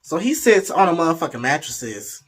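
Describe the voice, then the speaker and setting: A man's voice: a little high, big pitch swings, moderate pace, a bit bright, breathy edge. A young man telling a frank, profane, playful story in a casual way, slipping into the voices of the people in it. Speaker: vlogger.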